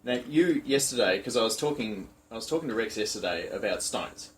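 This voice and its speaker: A man's voice: on the low side, lively intonation, a little fast, a little hiss or hum, poor audio. A man hosting a casual podcast chat, joking around and asking questions. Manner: jokey, swears casually, asks questions. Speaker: podcast host, gym owner.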